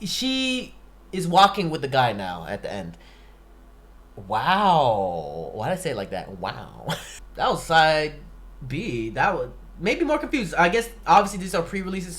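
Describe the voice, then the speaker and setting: A man reacting to a music video, with excited outbursts and halting reading of a fan theory aloud. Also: a little high. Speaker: YouTube reactor. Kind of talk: casual reaction commentary. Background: music video playing clearly.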